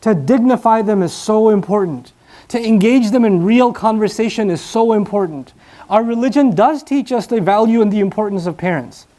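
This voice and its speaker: A middle-aged man delivering a sermon in an earnest, pressing way, repeating key points for emphasis. His voice sits high for a man. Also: moderate pace, mellow. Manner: earnest, rising to emphatic repetition. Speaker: preacher. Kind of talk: sermon to a live audience.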